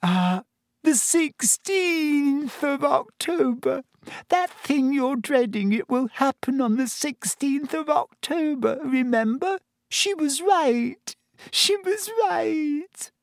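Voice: animated, dry recording, studio quality, exaggerated voice. A wailing tearful schoolgirl. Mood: tragic sobbing. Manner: high, wailing, drawn-out sobbing delivery. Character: tearful teenage schoolgirl, dramatic and mournful. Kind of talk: audiobook character voice.

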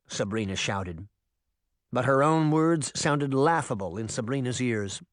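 A man reading an audiobook in expressive storytelling narration. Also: mid-range voice, a little slow, no room sound, studio quality. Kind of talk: scripted narration.

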